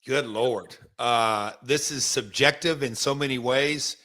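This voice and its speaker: Bright-voiced man rambling emphatically. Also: mid-range voice, a little slow. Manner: rambling, emphatic storyteller with many restarts. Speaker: podcast host, former wrestler. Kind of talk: casual podcast chat.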